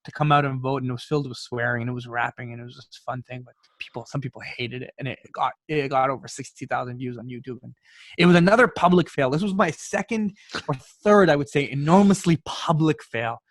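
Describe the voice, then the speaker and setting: A Canadian man in his twenties, a podcast guest telling his story in an animated way and often repeating words as he starts a sentence. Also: medium pitch, fast talker, dry recording. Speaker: podcast guest, youth speaker. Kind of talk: storytelling in conversation.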